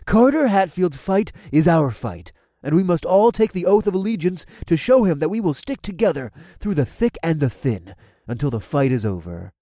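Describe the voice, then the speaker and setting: A hot-tempered older man bellows his case, his voice climbing high and loud, as a male narrator puts him on. He swings widely in pitch. The recording is dry and close. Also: lively intonation, normal speed, no echo. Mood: rousing. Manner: shouting, forceful.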